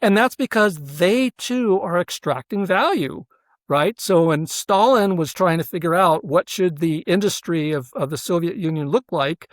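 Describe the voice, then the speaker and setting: A man's voice: high voice, moderate pace, no echo, clean studio sound. A man, a professor, explaining his ideas earnestly in an interview, with frequent fillers and "right?" check-ins to the listener. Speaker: professor and researcher, interview guest.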